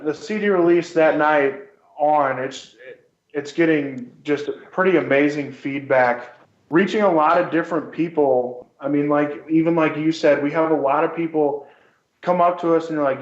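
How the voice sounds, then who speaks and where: A man who recently joined a band, speaking earnestly on a radio interview, halting with many fillers. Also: a little high, steady tone, roomy sound, dull audio. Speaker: band member guest. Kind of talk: casual interview chat.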